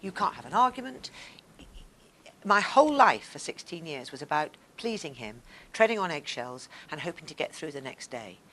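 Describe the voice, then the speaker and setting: Animated low-voiced woman storyteller. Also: normal speed. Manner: expressive, animated, acts out scenes. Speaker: guest speaker on stage. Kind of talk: personal storytelling to a live audience. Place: stage before a live audience.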